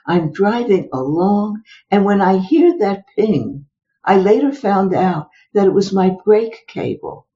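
An older woman, a psychologist in an interview, tells personal stories full of exclamations and rhetorical questions. Her voice is mid-range with a dark tone, captured on a dull lo-fi recording.

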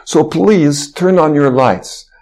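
An earnest former Russian soldier with a thick Russian accent, as a man puts him on. He talks in slow, broken English, raising his voice higher than the speaker's usual tone. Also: a little mellow. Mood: pleading. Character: Russian ex-military man pleading with lights.

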